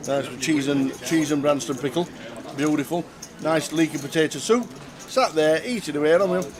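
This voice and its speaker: A man commentating a poker stream, chatting casually and telling stories with lively voices. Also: on the high side, normal speed. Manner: chatty storyteller, bursts into loud cheering. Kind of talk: casual chat.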